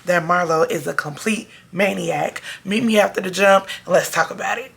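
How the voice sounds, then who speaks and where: A hoarse woman recapping a TV episode for her viewers in a sassy, casual, chatty way. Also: on the low side, normal speed. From Chicago area. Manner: sassy, talks straight to her audience with slang. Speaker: TV show review vlogger.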